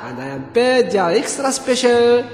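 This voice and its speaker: Man doing a high sweet cartoon explorer girl, roomy echo. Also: very animated, normal speed, a little mellow. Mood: upbeat. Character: friendly young explorer girl, upbeat. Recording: roomy hall reverb, faint music.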